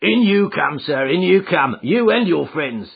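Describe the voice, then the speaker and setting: Brief: male narrator as a stubborn, gravelly porter; raspy, tinny. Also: fairly high pitch, big pitch swings, unhurried, voice pushed up, heavily acted. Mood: apologetic. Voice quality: gruff, gravelly, rustic speech. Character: gruff stubborn middle-aged prizefighter porter, McMurdo. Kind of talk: audiobook character voice. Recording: thin phone-like audio.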